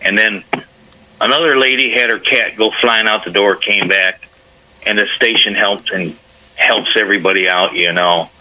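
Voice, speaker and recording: A man's voice: fairly low pitch, steady tone, moderate pace, pushed and bright, poor audio. A man calling into a radio show, earnest and rambling, with a Northwest Indiana accent. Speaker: caller. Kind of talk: casual phone-in chat.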